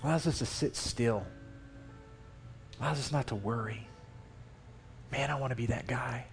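A man preaching a sermon in a conversational, emphatic way, reading Scripture aloud with animated inflection. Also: mid-range voice, normal speed, soft background music. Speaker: lay preacher. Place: church.

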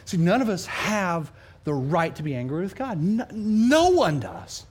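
A man from New Mexico, a pastor, preaching a sermon with animated, humorous storytelling and self-deprecating asides. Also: sits high, measured pace, a little hiss or hum. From New Mexico, USA.

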